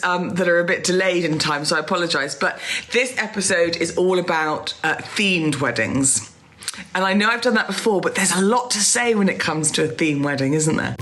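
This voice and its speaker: A woman's voice: fairly low pitch, a bit bright. A woman from England in her thirties hosting a casual solo podcast, chatty and self-deprecating, laughing often and a little out of breath from pregnancy. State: heavily pregnant, a bit out of breath. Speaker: podcast host.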